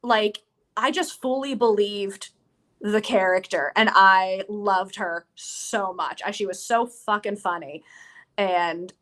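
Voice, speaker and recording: Woman, podcast co-host, casual film chat, enthusiastic, retells scenes, middle pitch. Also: slow pace, fairly bright tone.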